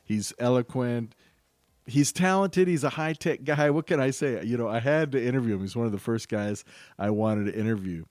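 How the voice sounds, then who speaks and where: A man's voice: medium pitch, moderate pace, a little mellow, dry recording, studio quality. A man hosting a podcast, talking in a rambling, enthusiastic, chatty way. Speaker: podcast host. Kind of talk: casual podcast monologue.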